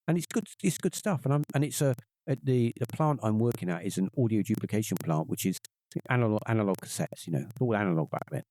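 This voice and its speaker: A middle-aged man, telling a personal story on a podcast and acting out the voices of the people in it. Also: fast talker. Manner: animated, acts out quoted voices in a higher pitch. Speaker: podcast guest. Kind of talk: casual storytelling.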